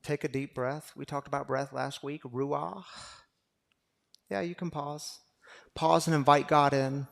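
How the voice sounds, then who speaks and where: Pastor, male, higher register, preaches to a congregation, plays out inner dialogues. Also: steady tone, measured pace, creaky, long pauses. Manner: addresses the congregation as y'all; acts out inner dialogue with fear. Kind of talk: sermon. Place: room with a live audience.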